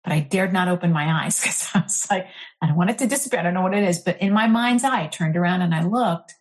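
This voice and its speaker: Woman, middle-aged, low-pitched, earnest, animated, candid storytelling, interview guest. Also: fast talker. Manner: earnest, animated, frequent "like" fillers.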